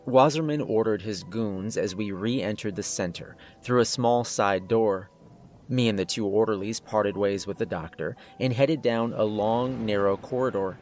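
A man's voice: fairly low pitch, a little slow, darkish tone, soft background music. A man narrating a first-person horror story in a tense, scripted way.

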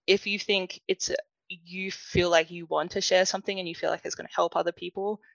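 A woman guest on a podcast talks earnestly in a lowish voice. The sound is dull and dry, as if over a remote call. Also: flat delivery, a little fast, gravelly, no room sound. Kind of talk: casual interview chat.

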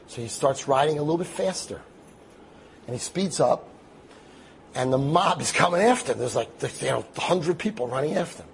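Guy telling a story, voice jumps all over, bit gravelly, really dramatic. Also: on the high side, a little hiss or hum. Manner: lively, dramatic retelling with acted-out quotes. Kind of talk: animated spoken storytelling.

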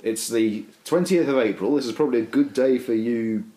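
A man's voice: medium pitch, a little fast, dark tone. A man co-hosting a podcast, rambling and joking at his own expense. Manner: rambling, self-deprecating, joking. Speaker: podcast co-host. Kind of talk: casual chat. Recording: echoey room.

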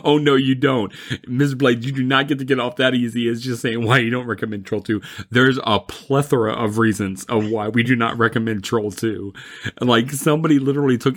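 A man's voice: medium pitch, fairly even intonation, a little fast. A man chatting casually about movies, rambling and mocking, laughing often.

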